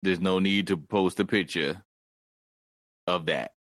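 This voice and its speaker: A man's voice: deep voice, measured pace, dry recording, clean studio sound. A man co-hosting a podcast, talking in a laid-back, agreeable way during casual chat. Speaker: podcast co-host.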